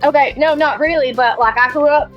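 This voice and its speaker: High-voiced giggly Southern woman. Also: fairly quick, lo-fi sound, faint music behind. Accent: Southern US, Alabama mountain. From Alabama, USA. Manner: giggly, laughs often, playful. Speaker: podcast co-host. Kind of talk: casual chat.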